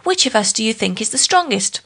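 Woman voices a crafty male spider trickster, storybook, pitched up and sly. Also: big pitch swings, fairly quick, creaky, a bit bright, slightly rough, full character voice. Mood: scheming. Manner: wheedling, crafty.

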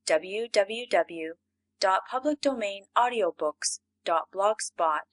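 A woman reading a classic storybook aloud as an audiobook narrator, measured and expressive. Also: medium pitch, low-quality recording.

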